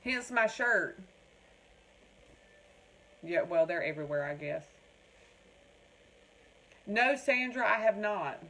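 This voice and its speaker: A woman from North Carolina with a Southern American accent hosts a craft livestream, chatting folksily and answering viewer comments by name. Her mid-range voice is animated and sharp, slow with frequent pauses, and the audio is poor.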